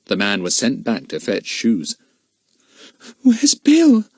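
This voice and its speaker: A man reading a children's adventure novel aloud as narrator, in a steady storytelling manner. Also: on the low side, normal speed, dry recording, studio quality. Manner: steady storytelling, shifting into character voices. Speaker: audiobook narrator. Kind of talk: scripted narration.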